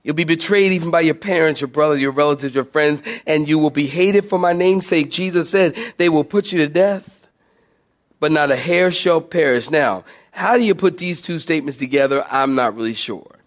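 A male pastor preaching a sermon, telling a personal story, often laughing and acting out a shouting sergeant. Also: a little high, normal speed. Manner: animated, acts out shouting and laughs mid-story.

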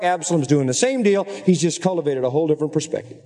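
Male preacher, sermon, earnest and emphatic, somewhat high voice, mellow tone, long hall reverb. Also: animated, quick pace, hardly any pauses. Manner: earnest, emphatic, rising to high-pitched exclamations.

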